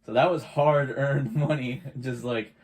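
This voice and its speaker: A man's voice: mid-range voice, fairly even intonation, a little slow, a little mellow. A young man co-hosting a podcast, chatting in an easygoing way, asking questions and laughing along. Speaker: podcast co-host. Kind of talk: casual chat.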